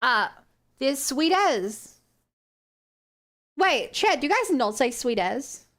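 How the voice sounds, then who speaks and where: A woman's voice: high voice, sing-song, takes it slowly, fairly bright tone. A young woman with a New Zealand accent, chatting casually with her stream audience in a playful, incredulous way. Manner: playful, exclaims in disbelief, laughs. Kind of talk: casual stream chat, reading chat.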